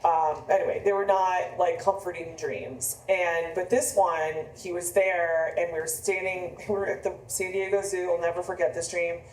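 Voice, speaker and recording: A woman's voice: lowish voice, steady tone, normal speed, hardly any pauses, slight background noise. A woman in her fifties, an author, telling a personal story in a rambling, conversational way with frequent restarts. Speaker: author on book tour. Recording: echoey room, mic from a distance.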